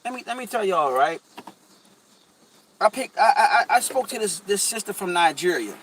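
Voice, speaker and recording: A man's voice: high voice, animated, moderate pace, fairly bright tone, slight background noise, poor audio. A man talking casually on a podcast, emphatic and repetitive, telling stories with restarts and stutters. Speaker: podcast co-host. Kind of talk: casual conversational commentary.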